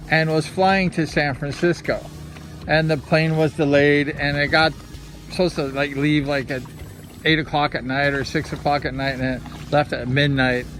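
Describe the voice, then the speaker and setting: A man telling a personal story in a casual, rambling way, heavy on filler words and excitable as he retells it. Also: mid-range voice.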